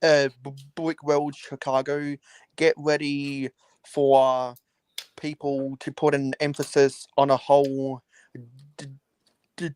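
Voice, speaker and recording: A man chatting casually on a livestream, measured and halting, often restarting mid-phrase. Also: mid-range voice, a little mellow, smooth, no room sound. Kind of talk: casual chat.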